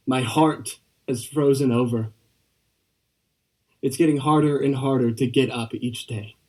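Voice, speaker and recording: A young man acting out a lonely letter-writer who begs for word from someone far away. He speaks slowly and achingly at a middle pitch, measured and mournful, over a video call. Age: young adult. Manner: slow, aching. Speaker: student actor. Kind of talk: dramatic monologue reading a letter.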